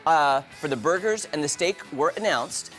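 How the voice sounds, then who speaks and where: A man from the telling a bubbly, animated story as a morning show reporter. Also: fairly high pitch, normal speed, soft background music. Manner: bubbly, storytelling, quotes people in voices. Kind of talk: excited recap chat on a TV morning show.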